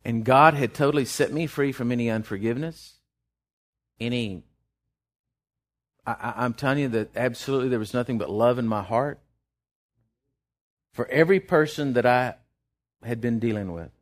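A man preaching a sermon, impassioned, rising loud then dropping soft, often restarting his words. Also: medium pitch, moderate pace, pauses often.

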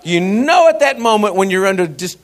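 A male pastor, telling a personal story in a sermon, laughing and animated. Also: high voice, a little fast.

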